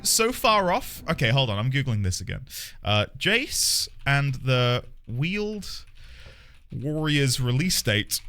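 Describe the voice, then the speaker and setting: A man's voice: mid-range voice, a bit bright. A man live-streaming a game, chatting casually with viewers, greeting them by name and playing up mock outrage.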